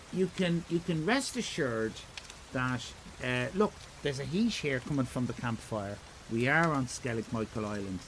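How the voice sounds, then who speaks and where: Man, Irish accent, middle-aged, self-mocking live-stream chat, lively pitch, faint rain noise. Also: creaky, rough recording. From Ireland. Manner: rambling, self-mocking, quick jokey asides to chat.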